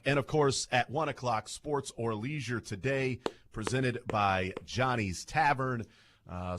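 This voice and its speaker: A man's voice: lowish voice, a bit bright, slight background noise. A man hosting a sports radio show, chatty and playful as he jokes with his co-hosts. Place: radio studio.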